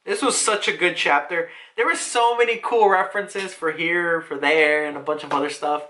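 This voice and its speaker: A woman recapping a comic chapter in a casual, excitable way, swearing freely. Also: fairly low pitch, moderate pace, roomy sound. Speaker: manga reviewer.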